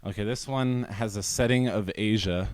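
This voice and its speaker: Fumbling laid-back man, lowish voice. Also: normal speed, dry recording. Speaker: podcast co-host. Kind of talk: casual chat over a card game.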